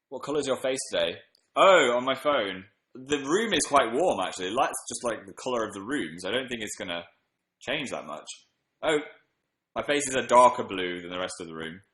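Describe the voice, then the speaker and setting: A man's voice: lowish voice, a bit bright, reverberant, low-quality recording. A man hosting a casual livestream from a room at home, tired after a late night, chatting and reading out comments with upbeat bursts. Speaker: livestream host.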